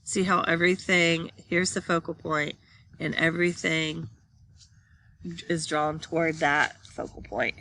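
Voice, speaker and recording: A woman's voice: low voice, measured pace, pushed and bright, a little hiss or hum. A woman teaching a class, reading slide text aloud and then explaining it while pointing at pictures.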